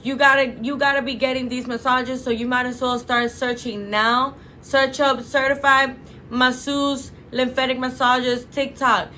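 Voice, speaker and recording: This woman represents a clinic and addresses the camera in a casual, emphatic promo, leaning on fillers and "you guys." Her high-pitched voice has a sharp tone, though her delivery is flat and unhurried. Slight background noise can be heard.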